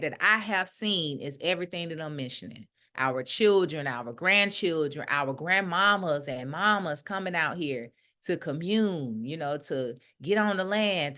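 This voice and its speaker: A middle-aged woman leading a ministry, giving a casual spiritual talk and acting out the voices of the people she quotes. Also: medium pitch. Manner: animated, acts out quoted voices. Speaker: ministry leader.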